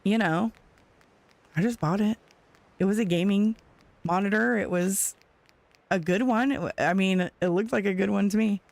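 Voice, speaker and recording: A woman streamer chatting casually with her viewers while gaming, retelling a story in an animated way with frequent laughs. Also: medium pitch, normal speed, vocal fry, pauses often, dry recording.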